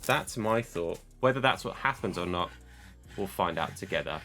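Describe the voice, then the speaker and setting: A man's voice: sits low, lively intonation, moderate pace, sharp tone, faint music behind. A man casually chatting as he opens card packs, joking and scolding his camera for losing focus. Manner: chatty, self-deprecating, talks to his camera. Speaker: card opening host. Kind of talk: casual chat while opening card packs.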